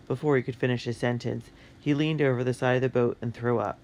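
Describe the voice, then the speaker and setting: A narrator reading a children's adventure book in a clear, steady way. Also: mid-range voice, fast.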